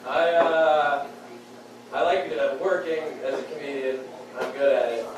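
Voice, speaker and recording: A young man from Saskatchewan doing a wry, casual stand-up set on a club stage, acting out quick quotes. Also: a little high, crowd noise. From Saskatchewan, Canada. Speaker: stand-up comedian. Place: comedy club stage in a beer hall. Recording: very echoey club room, mic distant. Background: audience laughing.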